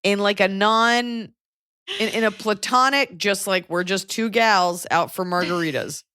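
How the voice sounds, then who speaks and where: A woman's voice: mid-range voice, unhurried, pushed and bright, clean tone, dry recording, clean studio sound. A woman hosting a podcast, chatting casually with wry, teasing asides. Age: adult. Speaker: podcast host. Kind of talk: casual chat.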